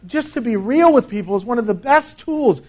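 Man, pastor, conversational sermon, high voice, slightly dull recording. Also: lively intonation, moderate pace. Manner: conversational preaching, dropping to a soft low voice for emphasis.

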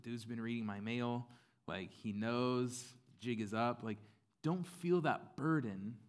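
A male pastor preaching in a relaxed, chatty way, full of "like" and "you know." His pitch sits in an ordinary middle range, neither deep nor high. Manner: casual, conversational preaching with fillers and playful acted-out voices. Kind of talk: sermon.

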